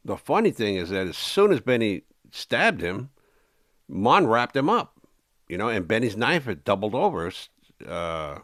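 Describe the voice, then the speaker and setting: Give me a man with a lowish voice, casually recounting his own story in an interview, full of fillers and restarts. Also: fairly bright tone. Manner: rambling, many fillers and restarts.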